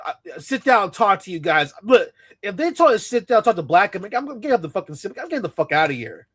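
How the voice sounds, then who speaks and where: A man's voice: sits high, big pitch swings, very fast, a bit bright, breathy edge, dry recording. A man giving a profane, scornful rant as a commentator reacting to a clip.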